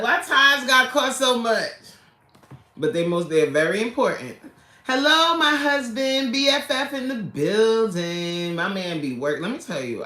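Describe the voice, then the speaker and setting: A woman of middle pitch hosts a casual livestream, talking in a slow, unhurried way. She chats loosely with her viewers, greets them by name and jokes as she goes. The sound rings around an echoey room. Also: a bit bright. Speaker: livestream host and coach.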